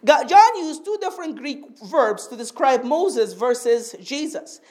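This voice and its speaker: A woman with a high, bright-pitched voice preaches a sermon to her congregation. She teaches patiently and keeps asking for an amen. She slows down and stretches out the phrases she wants to stress. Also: expressive. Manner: draws out key phrases slowly for emphasis.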